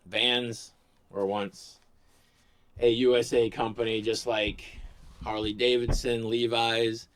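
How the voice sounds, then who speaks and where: A man's voice: medium pitch, level tone, slow pace. A man talking in a casual, rambling vlog, sarcastic and profane, with frequent restarts. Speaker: vlogger.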